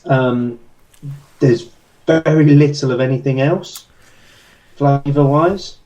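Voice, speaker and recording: A man's voice: medium pitch, steady tone, slow, a little mellow, highs cut off. A man co-hosting a casual podcast, easygoing, often answering with short agreeing replies. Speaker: podcast co-host. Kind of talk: casual chat.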